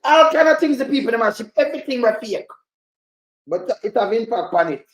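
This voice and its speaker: A man with a Jamaican accent giving loose, animated reaction commentary on a clip, rambling and swearing as he goes. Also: very high voice, fairly quick, dull audio. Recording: roomy echo.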